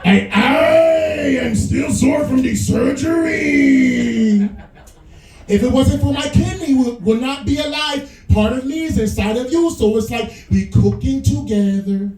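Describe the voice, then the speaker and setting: A man voicing a nagging wife who keeps demanding favors, in a whiny, drawn-out, pleading tone. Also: extremely high pitch, a little mellow, reverberant, soft background music, pitched above the performer's own voice, full character voice, rough recording.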